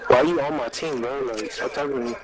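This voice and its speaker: A man's voice: mid-range voice, fast, very noisy. A man trash-talking another player over game voice chat in a taunting, insulting way. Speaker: online player.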